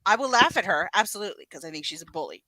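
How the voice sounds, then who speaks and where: A woman's voice: lowish voice, lively intonation, rapid-fire, pushed and bright, no echo, poor audio. A woman co-hosting a casual livestream, blunt and profane as she answers viewer comments. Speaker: livestream co-host.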